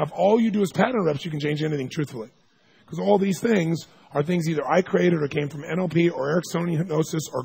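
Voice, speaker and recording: Gravelly, husky man telling a story. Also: fairly high pitch. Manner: animated, acts out quotes with sudden loud shouts. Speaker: seminar speaker. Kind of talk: storytelling lecture.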